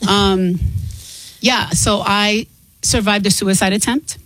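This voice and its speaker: A middle-aged woman speaking candidly and earnestly as an interview guest, quick to laugh. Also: mid-range voice, steady tone, a bit bright, dry recording, rough recording. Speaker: guest author and singer. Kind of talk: casual interview talk.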